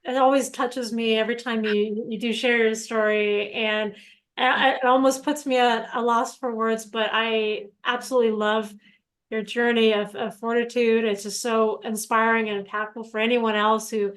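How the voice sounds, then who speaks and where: A woman with a slightly high voice hosts an interview and responds to her guest. She talks haltingly, stumbling and repeating words as she searches for them. Her tone is conversational. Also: little pitch movement, a bit bright. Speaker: host.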